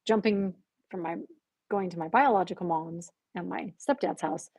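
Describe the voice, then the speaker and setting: A woman guest on a podcast telling a personal story in conversation, animated and acting out the voices she quotes with gasps. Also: lowish voice, normal speed, vocal fry, husky, no room sound.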